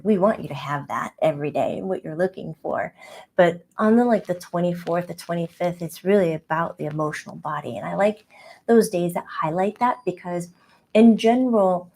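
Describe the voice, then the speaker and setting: A childlike spirit guide, channeled by a woman, bubbly and playful, rambling through a channeled message with giggles and loose asides. The voice sits a little lower than most women's. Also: warm tone. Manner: chatty and rambling, giggly, many "like"s.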